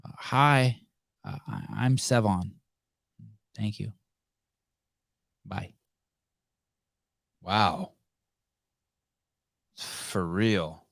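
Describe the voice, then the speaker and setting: This man hosts a podcast in a loose, rambling way, swearing freely and laughing often. His voice sits fairly low. The sound is dry and close, with no room echo. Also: creaky, a bit bright. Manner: rambling, profane, quick to laugh. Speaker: podcast host. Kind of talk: casual live-stream chat.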